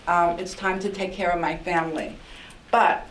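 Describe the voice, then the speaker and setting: A woman's voice: lowish voice, fairly even intonation, moderate pace, fairly bright tone, slight background noise. Older New York woman, echoey council room. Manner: heartfelt, repeats herself with many ums. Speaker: outgoing mayor. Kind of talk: farewell speech at a council meeting. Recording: echoey room, mic at a distance.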